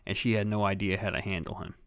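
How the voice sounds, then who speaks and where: A man's voice: deep voice, steady tone, fast, gravelly, fairly bright tone, smooth, no room sound. A man in casual chat, telling stories with heavy swearing and acting out other people's lines. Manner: profane storytelling, acts out other people's lines.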